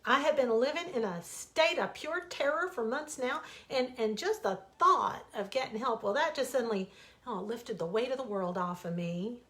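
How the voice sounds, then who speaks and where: A woman's voice: on the high side, expressive, normal speed, fairly bright tone. A woman voicing an anxious, devoted mother rabbit in a bedtime storybook reading, with a pleading, emotional manner. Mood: resolute.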